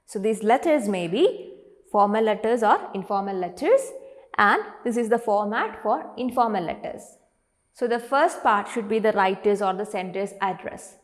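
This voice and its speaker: A woman teacher with an Indian English accent, giving an online classroom lesson. She stretches words out slowly to show their syllables and asks the class questions, then answers them herself. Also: medium pitch, expressive. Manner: slow, drawn-out pronunciation of words when showing their syllables. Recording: long reverberant hall sound.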